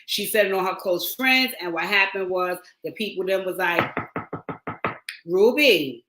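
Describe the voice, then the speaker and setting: A woman's voice: fairly low pitch, moderate pace, over music. A woman in her forties giving casual, rambling commentary on a livestream from her phone, full of slang and repeated phrases. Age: 40s. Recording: roomy echo.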